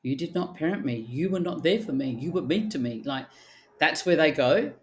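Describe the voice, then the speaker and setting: Low-voiced woman, blunt and animated. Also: normal speed. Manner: animated, acts out quotes, blunt with casual swearing. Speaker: archetypal therapist guest. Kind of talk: casual podcast chat.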